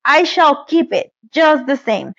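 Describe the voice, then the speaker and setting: Woman doing a wicked old witch for a storybook: spiteful, gloating, wailing, up high. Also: animated, a little slow, creaky, fairly bright tone, no echo, lo-fi sound, heavily acted. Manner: gloating, then wailing and despairing.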